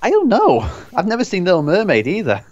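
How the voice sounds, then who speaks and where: A man's voice: high-pitched, huge pitch swings, fairly quick, darkish tone. A man joining as guest for a casual movie riff, joking sarcastically and swearing often. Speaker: guest co-host. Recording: slightly dull lo-fi mic.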